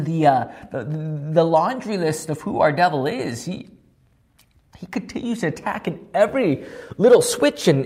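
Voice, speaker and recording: A pastor delivers a sermon with loud, near-yelling energy. The preaching is animated and keeps turning to the listeners with quick checking questions. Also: mid-range voice. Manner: animated, peppered with tag questions. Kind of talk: sermon with Bible study.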